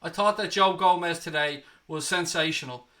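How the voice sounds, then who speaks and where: A young man hosts a football reaction show with hyped, excitable energy, a little out of breath. His voice sits high and bright, with a sharp, forceful edge as he keeps calling out to his viewers. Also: normal speed. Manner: excitable, hyped, addresses viewers as ladies and gentlemen. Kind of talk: energetic post-match reaction.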